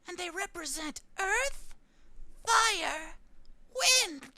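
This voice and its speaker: A man doing perky falsetto spirit girl Hinageshi. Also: lively intonation, drawn-out words, sharp tone, no room sound, heavily acted. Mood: chirpy.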